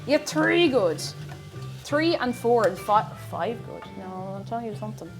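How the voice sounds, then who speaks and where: A woman's voice: mid-range voice, big pitch swings, measured pace, music in the background. A woman with an Irish accent, chatting casually and laughing with her viewers as she cooks on a live stream. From Ireland. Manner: chatty, laughs often, thanks viewers by name.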